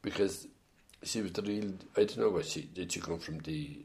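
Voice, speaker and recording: An older Irish-accented man, a former band musician, rambles through stories in an oral history interview, often starting over hesitantly. His voice is deep, gravelly, and darkish, at a moderate pace.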